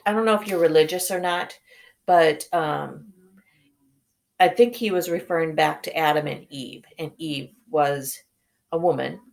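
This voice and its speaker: Slow, gravelly-voiced woman teacher reading aloud. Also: low-pitched, darkish tone. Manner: hesitant, with many fillers and self-corrections. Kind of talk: reading a novel aloud to a class.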